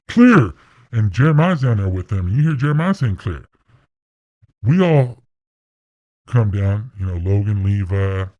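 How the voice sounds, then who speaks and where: A man casually telling a first-person story, animated and profane, acting out sounds. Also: on the low side, dry recording.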